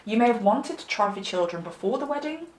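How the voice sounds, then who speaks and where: A woman's voice: on the high side, animated, quick pace, a little mellow, reverberant, poor audio. A woman giving a pick-a-card tarot reading in an affectionate, chatty, rambling way with lots of fillers, a little under the weather. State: slightly unwell. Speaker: tarot reader.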